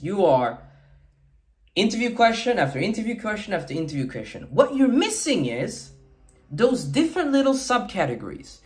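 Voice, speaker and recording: A man coaching viewers on flirting, speaking emphatically and tagging lines with a questioning "okay?". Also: high voice. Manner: emphatic, repeats "okay?" often; acts out sample lines in varied tones. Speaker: dating coach. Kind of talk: talking-head coaching video.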